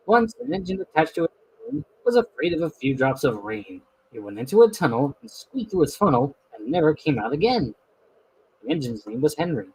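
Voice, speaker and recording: Husky guy reading a kids' storybook, voice jumping all over, slightly high. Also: highs cut off. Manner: lively expressive reading with slips. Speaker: storybook narrator. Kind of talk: reading a children's book aloud.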